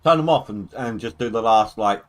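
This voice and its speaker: A man in casual gaming chat, explaining game tips in a hesitant way with many pauses and fillers. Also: on the low side, fairly bright tone. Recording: faint music behind.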